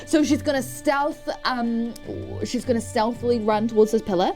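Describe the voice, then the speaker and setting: A woman's voice: fairly high pitch, normal speed, darkish tone, soft background music. A woman narrating her character's turn as a player in a tabletop game, eager and laughing. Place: studio.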